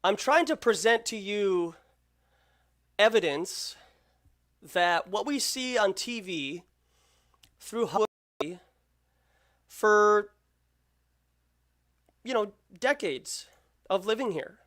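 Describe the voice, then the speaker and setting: Slow, deliberate live-stream commentator. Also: medium pitch, animated, fairly bright tone. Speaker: channel host.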